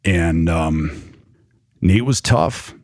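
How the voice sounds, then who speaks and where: A man's voice: sits low, drawn-out words, a little mellow, no echo, studio quality. A young man recounting a personal story in loose, rambling conversation, full of fillers. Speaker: storyteller recounting his past.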